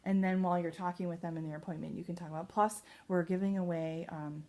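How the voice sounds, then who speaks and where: A woman at home at night giving a team a casual training talk as a sales leader, upbeat and chatty with many fillers, a little excited and nervous. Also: on the low side, quick pace.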